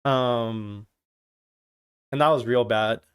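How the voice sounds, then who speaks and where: With a mid-range, fairly bright voice that's clear and resonant, a man from Germany speaks slowly. He runs a casual live watch-along stream, joking and ribbing viewers as he reads their chat messages out.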